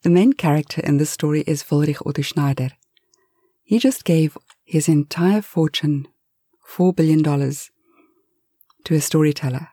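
A woman narrating a bedtime story for adults in a soft, half-whispered delivery. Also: sits low, moderate pace, long pauses, breathy edge, no room sound, clean studio sound.

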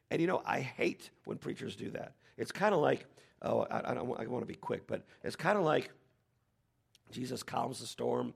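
A man preaching a sermon as pastor, animated, with dramatic quoted lines. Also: medium pitch, vocal fry, slightly rough.

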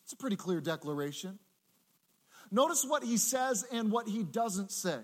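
A man preaching a sermon in a church, animated and acting out the voices he quotes. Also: high-pitched, normal speed. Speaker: pastor.

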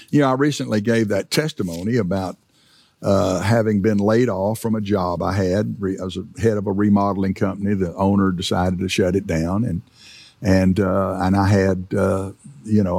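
Middle-aged preacher, gravelly, dry close sound, conversational, hammers key words. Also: male voice, on the low side, a little mellow, no room sound. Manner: conversational, repeats words for emphasis. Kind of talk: sermon.

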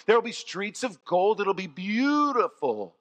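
A man preaches a sermon in a high, cutting voice with animated storytelling, dropping soft and then rising loud. The sound carries a long reverb from a large church. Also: measured pace. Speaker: pastor.

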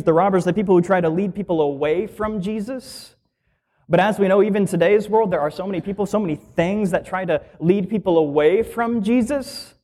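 A man, a minister, preaching a sermon with emphatic, lively delivery, asking rhetorical questions and slowing down to stress key phrases. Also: high voice.

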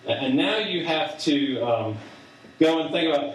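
A man giving a conversational sermon to a group, halting often with fillers and restarts. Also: fairly high pitch, expressive, slight background noise. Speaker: preacher. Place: large room with audience. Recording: echoey hall from a distance.

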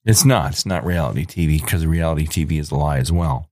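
A man's voice: extremely low pitch, fairly quick, a little mellow, no echo. A man in his forties delivering an angry, emphatic ranting monologue as a podcast host.

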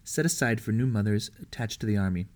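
A man narrating a historical novel as an audiobook reader, steady and measured. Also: fairly low pitch.

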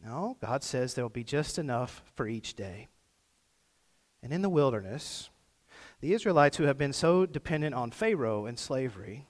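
A man's voice: mid-range voice, lively intonation, moderate pace. A man preaching a sermon in a conversational way, with fillers and asides, recorded in a church sanctuary. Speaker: pastor. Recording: long reverb of a large room.

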